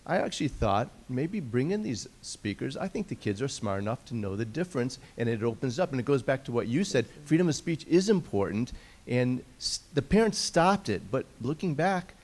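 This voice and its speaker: A middle-aged man from Chicago in a lecture audience, speaking in a halting way and repeating his words. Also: medium pitch, a little mellow. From Chicago, United States. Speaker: audience member. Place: law school lecture room.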